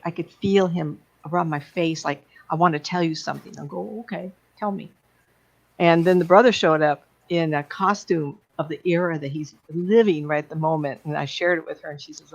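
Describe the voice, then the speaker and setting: Gravelly woman medium telling stories. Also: lowish voice, dull audio. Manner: chatty, laughing, acts out quoted voices. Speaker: psychic medium guest. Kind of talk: rambling anecdotal storytelling.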